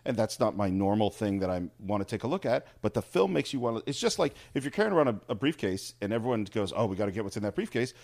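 A man's voice: fairly low pitch, big pitch swings, fast, vocal fry, few pauses, a little mellow. A man co-hosting a film podcast, talking eagerly and repeating words as he searches for the right phrase. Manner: enthusiastic, repeats words while searching for them. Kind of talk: casual film discussion.

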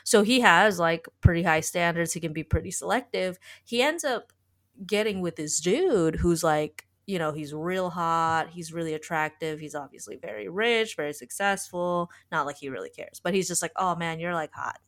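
A woman's voice: lowish voice, moderate pace, fairly bright tone. A woman podcast host in casual chat, retelling a story in a rambling way full of "like.". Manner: rambling, heavy use of filler "like".

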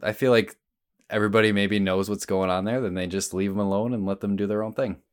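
A man's voice: fairly low pitch, fairly even intonation, quick pace. A man co-hosting a casual film podcast, talking animatedly and swearing freely as he acts out scenes. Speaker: podcast co-host.

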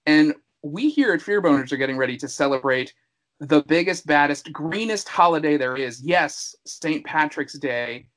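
A man hosts a casual horror-film podcast with a playful, showman-like delivery. His voice sits somewhat high for a man, and his sentences often ramble and restart as he tells a story. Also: animated, moderate pace, a bit bright, low-quality recording. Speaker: podcast host.

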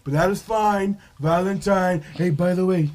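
A man doing an impression of a self-praising politician, bragging and rambling at a slow pace. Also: high-pitched, darkish tone, pitched below the performer's own voice.

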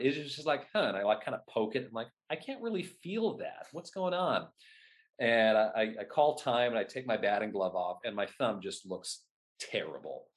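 Male guest, 30s, lower-pitched and lively, telling anecdotes in conversation. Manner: animated, acts out his own past remarks. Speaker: guest, whip performer at renaissance fairs. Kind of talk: casual interview storytelling.

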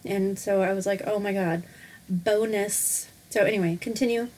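A woman's voice: mid-range voice, fairly even intonation, moderate pace, a little mellow. Young woman podcast co-host, gushing, emphatic, chatty. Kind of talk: casual chat.

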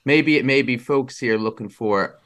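A man at a tabletop game describing his character's moves in a halting, filler-heavy way. His voice is mid-pitched with a bright, forward edge. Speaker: player.

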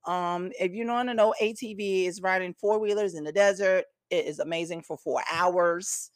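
Profane, excitable man hosting a podcast. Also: high-pitched, moderate pace, no room sound, clean studio sound. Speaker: podcast host. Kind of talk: casual chat with friends. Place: vacation house.

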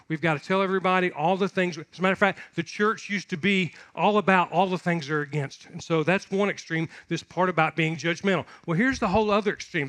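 A man's voice: sits high, fairly bright tone. A male pastor preaching a sermon, moving from conversational storytelling to emphatic, repetitive exhortation.

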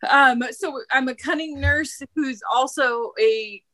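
A woman's voice: high voice, slow pace, bright, forceful tone, no echo. A woman playing a party game, nervous and giggly, swearing and laughing through an improvised wrestling promo. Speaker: player.

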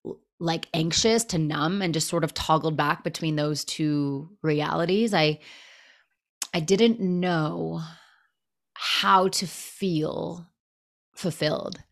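A woman in her thirties, a podcast guest telling stories in a lively, casual way and acting out what people said. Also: deep voice, takes it slowly, creaky. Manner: animated storyteller, acts out quotes. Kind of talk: casual storytelling interview.

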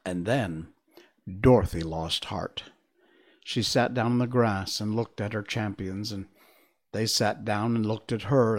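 A man reading a children's storybook aloud, slow and expressive. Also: fairly low pitch, vocal fry.

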